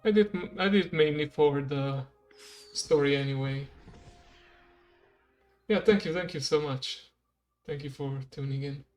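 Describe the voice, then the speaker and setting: A game streamer giving relaxed, rambling commentary while playing and chatting with viewers. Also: mid-range voice, unhurried, long pauses, soft background music. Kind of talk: casual gameplay commentary.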